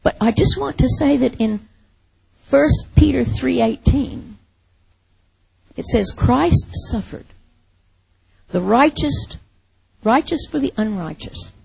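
A woman preaching a sermon, slow and dramatic, swinging from loud to whispered. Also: fairly high pitch, vocal fry, husky, dry recording.

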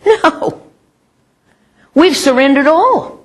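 A middle-aged woman delivers a sermon with a gravelly, husky voice. She preaches in a chatty, emphatic way and pokes fun at herself. Her pitch sits in the middle of a woman's range. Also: lively intonation, unhurried. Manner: conversational, emphatic, self-mocking humor.

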